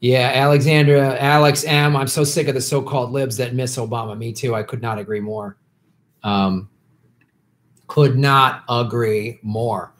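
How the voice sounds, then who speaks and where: A man's voice: medium pitch, fairly even intonation, normal speed. A man hosting a casual live stream, reading viewer questions and answering in an opinionated, heated way with many restarts.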